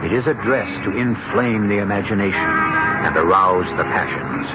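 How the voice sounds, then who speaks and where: A man hosting a radio mystery drama, narrating in a measured, wry, deliberate way. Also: lowish voice, over loud music. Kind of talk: scripted narration. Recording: dull lo-fi old radio broadcast.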